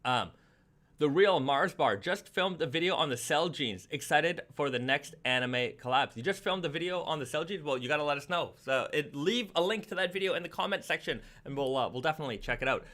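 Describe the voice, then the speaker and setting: A man's voice: fairly high pitch, animated, fairly quick, sharp tone. A man hosting a casual live stream from home, chatting with viewers and often repeating words as he restarts sentences. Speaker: livestream host.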